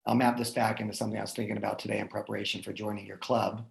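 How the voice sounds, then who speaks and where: A man talking casually as a guest, telling personal stories in an animated way and often checking in with "right?". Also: fairly low pitch, racing, gravelly, low-quality recording. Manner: animated, lots of restarts and "right?" tags. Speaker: guest speaker. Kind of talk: casual conversational storytelling.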